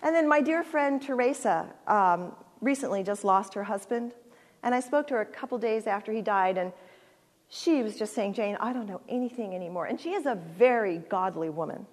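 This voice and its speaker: A woman in her sixties, speaking as a guest at a church, gives an earnest, heartfelt personal talk with halting restarts and closes in prayer. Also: a little high, lively intonation. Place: church sanctuary. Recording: long reverb of a large church hall.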